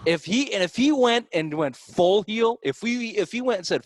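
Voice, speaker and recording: Animated, profane Boston man, dry mic. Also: high-pitched, fairly quick, hardly any pauses, no room sound. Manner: animated, profane, rising to near-shouts when worked up. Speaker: sports podcast host. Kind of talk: casual sports banter.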